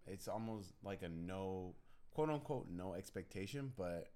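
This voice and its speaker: A man's voice: low-pitched, lively intonation, a little slow, dark tone, a little hiss or hum. A young man co-hosting a casual chat, hesitant and searching for his words. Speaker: podcast co-host.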